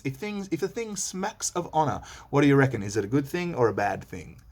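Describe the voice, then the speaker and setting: A man's voice: mid-range voice, very animated, moderate pace. A man teaching a read-along lesson, reading lines aloud and explaining them in a chatty, slangy way.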